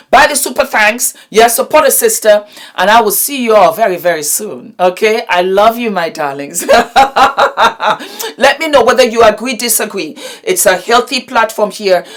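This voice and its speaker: A middle-aged woman vlogging straight to camera, giving emphatic, affectionate advice and calling her viewers darlings. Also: mid-range voice. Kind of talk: direct-to-camera advice vlog.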